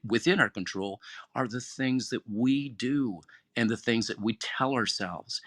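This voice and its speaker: A man with a fairly low voice delivers an earnest, encouraging pep talk as host of an online discussion room. The sound is dry and close, with no room around it. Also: a bit bright, no room sound. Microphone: phone or headset in an online audio room.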